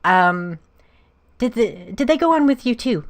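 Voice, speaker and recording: A woman playing a tabletop role-playing game in character, in a halting and unsure way. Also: mid-range voice, sing-song. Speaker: player.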